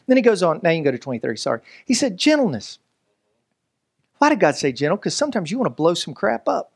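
A man, preaching a lively, joking sermon as pastor. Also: on the high side, fairly quick, husky. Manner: animated, joking, preacherly delivery with voices and asides.

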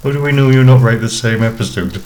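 A man's voice: mid-range voice, fast talker, a little mellow, faint music behind, low-quality recording. A man co-hosting a podcast in casual chat, with dry, teasing humour. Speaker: podcast co-host.

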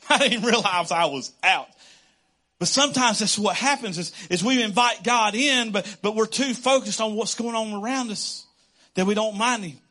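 A man preaching a casual, conversational sermon as a pastor, animated and quick to laugh. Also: high voice. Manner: animated, conversational, laughs often, acts out quotes.

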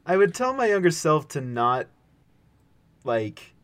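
A young man in casual podcast chat, speaking haltingly and self-consciously. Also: on the high side, sing-song, clean tone, dry recording.

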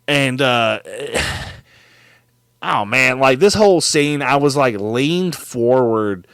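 A man co-hosting a podcast, recapping a movie in animated, swear-filled casual chat. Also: medium pitch, slow pace, smooth, no echo. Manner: animated, swears freely, mimics characters.

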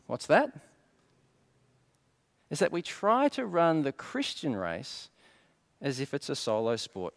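Lively middle-aged male preacher. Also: fairly high pitch. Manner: asks rhetorical questions and answers them; light storytelling with gentle humour. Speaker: pastor. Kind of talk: sermon.

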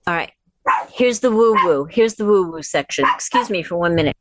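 A woman hosting a casual instructional livestream from home, chatty and encouraging, slowing down when she guides imagery. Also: fairly low pitch, animated, very noisy. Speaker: wellness host. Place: at home with her dog. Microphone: device camera.

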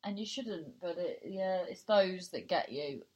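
A woman's voice: on the low side, animated, measured pace, darkish tone, slightly rough, muffled recording. A woman in her twenties with a Cornish accent, hosting a podcast in rambling, casual chat full of tangents. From Cornwall, England. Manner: chatty, rambling, prone to tangents. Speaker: podcast host.

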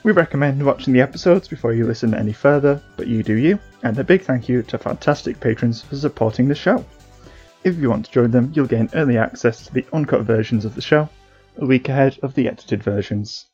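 Husky man, casual podcast chat. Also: mid-range voice, a little fast, a little mellow, dull audio, soft background music. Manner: jokey, calls drinking-game penalties. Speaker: podcast co-host.

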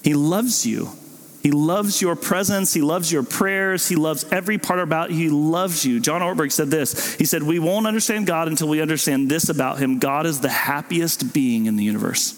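A young adult male pastor preaching a casual, animated sermon, slipping into playful voices for babies and parents. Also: on the high side, normal speed. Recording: long hall reverb.

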